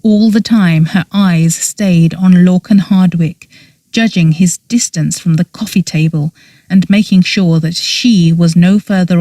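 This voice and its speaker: Casting: woman audiobook narrator, unhurried, measured, dry close sound. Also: lowish voice, dark tone, no echo. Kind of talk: scripted narration.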